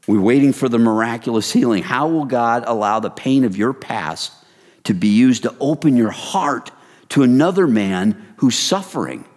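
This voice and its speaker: A man preaching a sermon in a casual, animated way, swinging from hushed lines to loud excited bursts. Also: medium pitch, moderate pace, long reverb tail. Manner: casual, addresses the crowd as "you guys".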